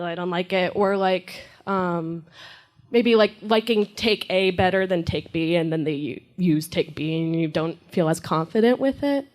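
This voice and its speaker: A woman in the audience asking a question at a convention panel, hesitant and full of fillers. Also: medium pitch.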